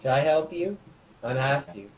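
A man co-hosting a let's play, chatting casually and excitedly while directing his partner through a game. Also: a little high, moderate pace, a little hiss or hum, poor audio. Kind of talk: casual gameplay chat.

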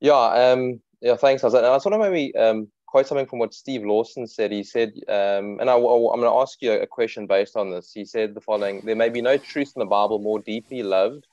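Guy moderating a panel, measured, kinda muffled and dry, a bit off mic. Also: mid-range voice, darkish tone, no echo.

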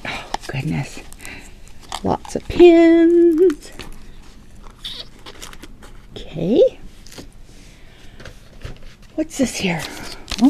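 Woman crafting vlogger, unboxing, slow and excitable with a wide-ranging voice, sometimes hushed. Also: medium pitch, creaky, slight background noise, poor audio. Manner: gushing, gasping, often drops to a hushed whisper. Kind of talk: casual unboxing vlog. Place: home, at a dining table.

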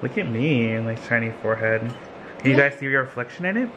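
A man's voice: medium pitch, expressive, fast talker, dull audio. A man vlogging at home, teasing his family with a playful, laughing manner. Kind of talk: casual family chat. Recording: noisy home recording.

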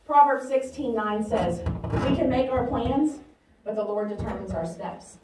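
A woman's voice: fairly high pitch, unhurried, a little hiss or hum. A woman pastor with a light Southern accent, preaching a chatty, humorous sermon. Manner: chatty, humorous, animated, laughing often. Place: church sanctuary. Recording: roomy sound from a distance.

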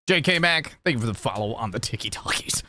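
Jokey streamer guy talking over his game, bright voice, bouncy pitch. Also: lively intonation, fast. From New Jersey. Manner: chatty, playful, jokey. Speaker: gaming streamer. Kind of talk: casual live-stream commentary.

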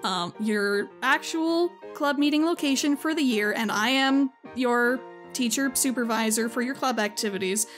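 A woman's voice: on the high side, normal speed, hardly any pauses, a bit bright, soft background music, natural voice. A woman doing a polite, fussy teacher.

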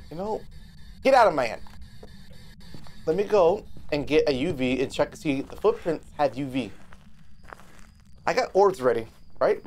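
Male game streamer, loose and excitable, rambles and curses his way through live commentary. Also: on the high side, slight background noise. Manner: excitable, swearing, rambling with restarts.

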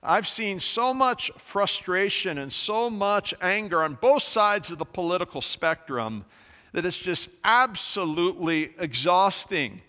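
A man delivers a sermon with a bright, forceful tone and a voice sitting a little high for a man. He talks in a conversational way, full of small fillers. A long reverb trails each phrase through the church hall. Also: animated, unhurried. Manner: conversational preaching with many fillers. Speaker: pastor. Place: church sanctuary.

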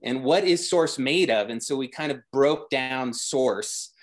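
Guy rambling excitedly about his design work, lots of restarts, medium voice. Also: mid-range voice, unhurried. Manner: rambling, many restarts, enthusiastic. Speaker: designer, guest. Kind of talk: casual interview talk.

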